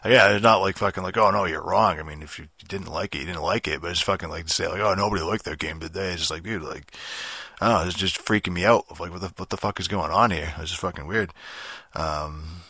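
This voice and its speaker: A man's voice: low voice, fast, sharp tone, breathy edge, no echo. A young man ranting casually about games, profane and rambling, full of fillers and restarts. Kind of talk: casual rant monologue.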